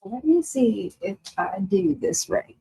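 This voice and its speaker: A woman's voice: mid-range voice, lively intonation, slow pace, mellow, breathy edge, no room sound, poor audio. A woman hosting a livestream who reads out viewers' comments and answers them with emotion and confrontation. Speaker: livestream host. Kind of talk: casual livestream chat reading viewer comments.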